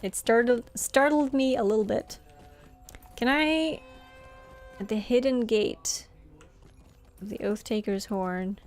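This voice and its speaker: A woman's voice: on the high side, slow pace, long pauses, faint music behind. A woman from Norway, chatting casually and giggling often while live-streaming a game.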